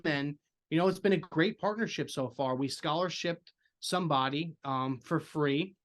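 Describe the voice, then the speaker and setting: A man's voice: on the high side, moderate pace, a bit bright. A man speaking earnestly as a podcast guest in casual chat, leaning on filler phrases.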